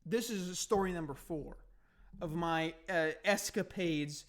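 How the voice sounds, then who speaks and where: A man's voice: fairly high pitch, a little slow. Profane man telling a rambling story. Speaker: podcast host. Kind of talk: casual storytelling.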